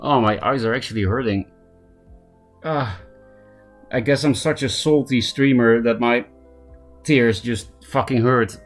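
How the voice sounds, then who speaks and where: A game streamer chats casually with viewers in a mid-range, unhurried voice, pausing often. He mocks himself and keeps dissolving into helpless laughter, with soft music in the background. It's relaxed live-stream banter.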